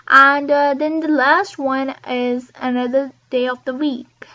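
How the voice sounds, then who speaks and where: Lady english teacher, high voice, slow and careful, repeats every word twice, kinda dull lo-fi audio. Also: little pitch movement, pushed and bright. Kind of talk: pronunciation lesson.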